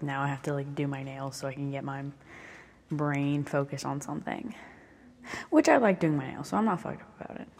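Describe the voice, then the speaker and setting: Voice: mid-range voice, creaky, in a large hall, a little hiss or hum. A young speaker in their twenties with a Southern US accent, rambling casually and swearing often while moving around their bedroom. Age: 20s. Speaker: vlogger.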